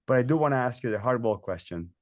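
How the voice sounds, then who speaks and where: A man's voice: medium pitch, lively intonation, fast talker, dry recording. A man hosting a webinar interview, enthusiastic and chatty, with frequent restarts and fillers. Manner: enthusiastic, talks in bursts with many restarts and fillers. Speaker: host.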